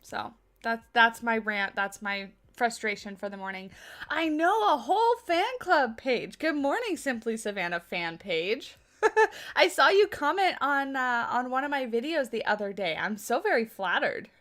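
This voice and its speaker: A woman's voice: on the high side, very animated, a little slow, a bit bright. A woman hosting a game livestream, chatting casually with her viewers, answering their questions and laughing often. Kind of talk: casual livestream chat while building in a game.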